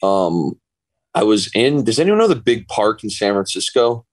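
Low-voiced man telling a rambling story. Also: very animated, normal speed, no echo. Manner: laid-back, rambling, chuckles often. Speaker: podcast guest. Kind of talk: casual storytelling chat.

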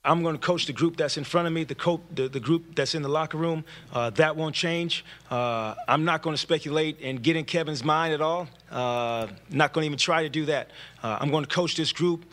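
A man, a basketball head coach, answering a press conference question in a measured, halting way with frequent pauses. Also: on the high side, a bit bright.

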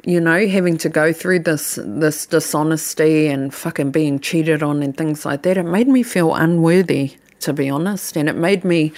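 A woman's voice: fairly low pitch, a little mellow, dry recording. A woman in her thirties with a New Zealand accent, hosting a podcast and telling a personal story in a blunt, candid way, swearing freely. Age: 30s. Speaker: podcast host.

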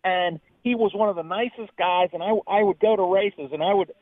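Chatty high-voiced caller on a phone. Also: male voice, brisk, dry recording. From Pittsburgh. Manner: chatty, storytelling, laughs along. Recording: phone line.

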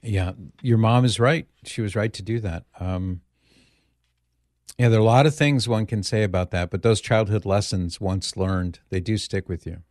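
Low-voiced middle-aged male radio host. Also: normal speed, dry recording, studio quality. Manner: storytelling, relaxed with fillers. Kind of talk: casual talk radio chat. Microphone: studio microphone.

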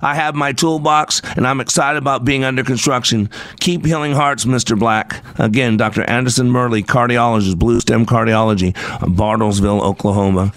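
A man hosting a motivational radio show, preaching about hope and leadership with a rousing, rhythmic, preacher-like cadence. His voice sits at a middle pitch and sounds close and dry in the studio, with faint music underneath. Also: fairly even intonation, normal speed, fairly bright tone, no echo.

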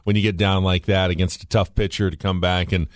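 A man co-hosting a sports radio show, giving measured, reflective commentary in casual chat from a studio. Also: low-pitched, little pitch movement, no echo.

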